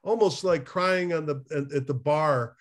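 A man talks through recovery work in a conversational interview, his voice sitting a little high for a man. He is animated and chuckles often, and he stops and restarts his sentences as he thinks aloud. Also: a little slow. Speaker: recovery therapist, guest.

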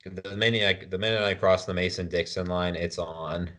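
A man co-hosting a casual podcast, joking and rambling with quick asides. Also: sits low, fairly even intonation, fairly bright tone. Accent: American. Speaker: podcast co-host.

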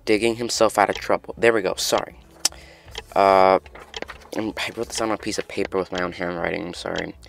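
Low-voiced man rambling excitedly about game news. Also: a little fast, vocal fry. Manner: excitable, rambling with frequent restarts. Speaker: gaming news host. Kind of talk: casual game update commentary.

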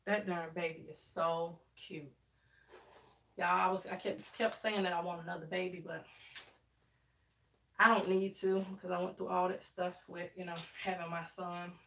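Doing her hair on a live stream, this thirtysomething host chats with her audience, addressing them as "y'all" and using dialect grammar. Her voice is lowish, flat, creaky and fairly bright, at a moderate pace, picked up by a far-off mic in an echoey room.

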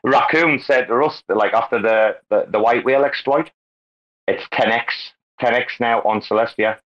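A man hosting a crypto talk space, brash and excitable, swearing constantly in casual banter. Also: medium pitch, normal speed. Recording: lo-fi online call audio.

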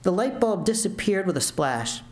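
A high-sitting, sing-song male voice at a moderate pace narrates the speaker's own fiction in a university lecture room. He reads steadily but restarts now and then, with the roomy acoustics of a lecture hall.

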